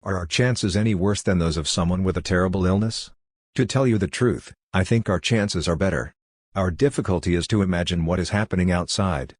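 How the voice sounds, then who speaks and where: A man voicing a calm, steady prisoner awaiting execution, who speaks in even, reassuring tones. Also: low voice, brisk, no room sound, studio quality. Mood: calm reassurance.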